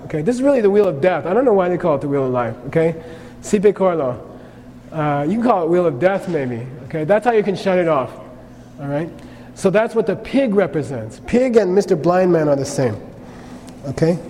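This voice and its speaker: A man talks through karma in a Buddhist lecture, chatty in style and checking in regularly with "okay?" His voice is high-pitched and warm, fairly quick, with lively intonation. Long reverb and faint noise color the sound.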